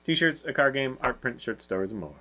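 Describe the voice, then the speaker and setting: A man's voice: mid-range voice, lively intonation, a little fast, heavy background noise. A man co-hosting a casual board game review, talking loosely with lots of fillers and restarts. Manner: rambling, many fillers and restarts.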